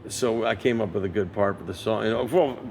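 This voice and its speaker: A man in his sixties, a session guitarist giving an interview, telling an anecdote with lively energy and acting out other people's lines. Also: on the low side, brisk, vocal fry, slight background noise. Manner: lively raconteur who acts out others' lines. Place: museum interview set.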